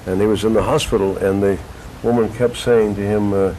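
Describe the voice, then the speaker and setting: Older male actor guest, lowish pitch, chatty storyteller, local studio interview. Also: a little fast, a little hiss or hum, rough recording. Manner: animated storyteller, rambling with restarts.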